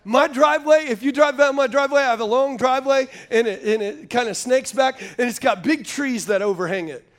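High-voiced preacher man. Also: a little fast. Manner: folksy storytelling preacher, calls out to the congregation. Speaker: pastor. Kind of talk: sermon.

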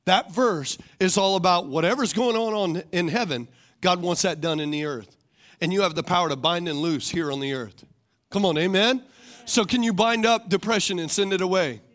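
High-voiced preaching man. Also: moderate pace, fairly bright tone. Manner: rhetorical, calls for congregation responses; repeats questions for emphasis. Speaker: pastor. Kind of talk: sermon.

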